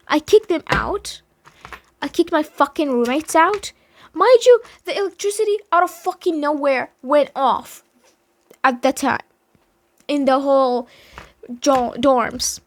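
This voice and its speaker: A woman's voice: high-pitched, measured pace, no room sound. A young woman telling a story in a casual vlog, dramatic and emphatic, swearing heavily. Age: young adult.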